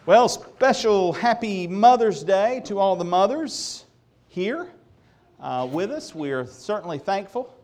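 A man's voice: high-pitched, slow. A man preaching a sermon in a church, folksy and joking with the congregation. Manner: folksy, joking, animated delivery. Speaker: pastor. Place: church sanctuary.

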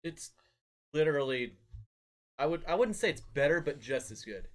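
A man in a casual chat, halting and restarting as he makes his case. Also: fairly high pitch, lively intonation.

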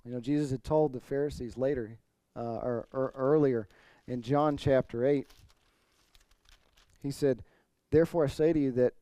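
A man pastor delivers an expository sermon earnestly, building toward emphatic points with rising emphasis and occasional throat clearing. His voice is medium-pitched and dark, at normal speed, with no echo.

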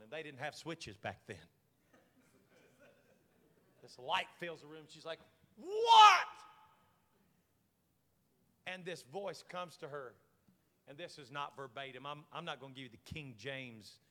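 A man pastor preaching an animated sermon, telling a story with jokes and swinging from hushed asides to loud shouting. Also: medium pitch, unhurried, long pauses. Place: large church sanctuary. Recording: long church hall reverb.

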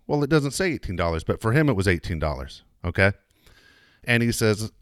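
A man with a low, deep voice co-hosts a casual talk show. He tells stories with animation, swears freely and stumbles over repeated words when he gets heated. The close mic sounds dry. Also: expressive, fairly quick, clean tone, no room sound. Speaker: co-host. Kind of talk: casual radio chat.

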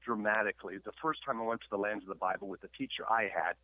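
Canadian-accented pastor phoning in, preachy, stumbles over repeats; thin phone line. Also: male voice, on the low side, racing, no room sound. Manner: stammering repeats, preachy emphasis. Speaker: guest pastor and historian. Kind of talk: radio interview, sermon-like storytelling. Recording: tinny phone line, dry.

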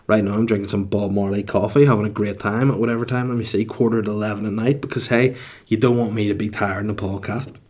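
A man's voice: on the low side, steady tone, fast, a little mellow. A man hosting a solo podcast in a casual, rambling, self-mocking way with plenty of swearing. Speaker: podcast host.

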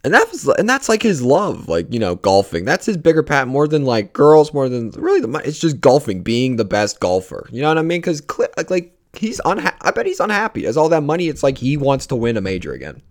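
A man's voice: medium pitch, sing-song, a little fast, hardly any pauses. A young man hosting a casual solo podcast, rambling and swearing freely, with many restarts. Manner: rambling, profane, restarts a lot. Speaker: podcast host.

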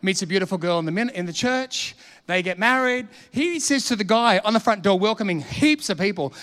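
An Australian man in his fifties preaching a sermon, telling stories with animated, punchy repetition. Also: sits high, fairly quick, big-room sound. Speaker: pastor.

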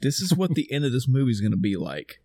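A man in his thirties, excitably talking in a casual chat, swearing freely and acting out scenes. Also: mid-range voice, fast, breathy edge, no room sound, clean studio sound.

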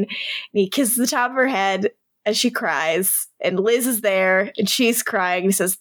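A woman co-hosting a casual chat, retelling scenes in a lively, giggly way and acting out the characters' lines. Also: medium pitch, a little slow, no room sound, clean studio sound. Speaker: podcast co-host recapping a TV episode.

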